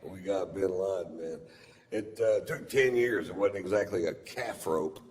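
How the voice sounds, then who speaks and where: A middle-aged man, doing a stand-up set with drawling, deadpan storytelling and crude punchlines. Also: sits low, measured pace. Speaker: stand-up comedian. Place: large theater stage with audience laughter. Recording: live hall recording with long reverb and audience noise.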